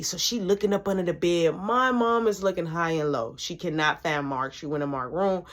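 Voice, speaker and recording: A woman telling a childhood story in a casual, profane, animated way, acting out the voices of everyone in it. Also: fairly low pitch, normal speed, hardly any pauses.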